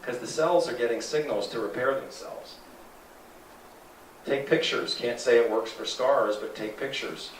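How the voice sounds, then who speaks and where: A man giving an animated sales presentation to a live audience, asking the room questions. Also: medium pitch, normal speed, few pauses, slight background noise. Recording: echoey room from a distance.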